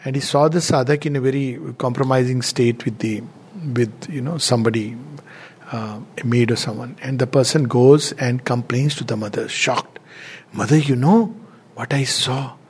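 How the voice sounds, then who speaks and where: A middle-aged man giving a devotional talk, telling anecdotes gently and chuckling between them. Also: mid-range voice, fairly even intonation, moderate pace, husky. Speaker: spiritual speaker.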